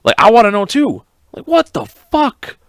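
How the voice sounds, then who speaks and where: A man's voice: very high-pitched, normal speed, no room sound. Guy ranting solo on his podcast, cussing a lot, wanders off topic, dead dry mic. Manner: profane, rambling, excitable. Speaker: podcast host. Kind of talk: casual podcast rant.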